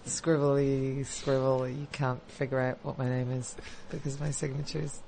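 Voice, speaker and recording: A woman's voice: very deep voice, flat delivery, moderate pace, warm tone, low-quality recording. Irish woman, dry wry jokes as radio guest, faint hum behind. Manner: dry, wry, laughs easily. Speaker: studio guest. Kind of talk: casual radio banter.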